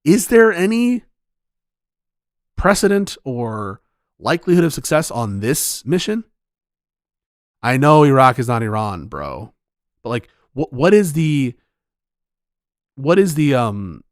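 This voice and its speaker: A man's voice: mid-range voice, big pitch swings, slow, long pauses, no echo, studio quality. A tired man in casual political chat, rambling and swearing, often restarting his sentences.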